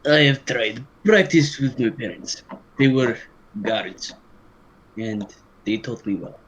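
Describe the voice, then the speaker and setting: A man voicing a low-voiced bat pony character, the child of guards, who talks in a stiff, formal way during online role-play. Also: takes it slowly, slight background noise, lightly acted, rough recording. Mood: earnest.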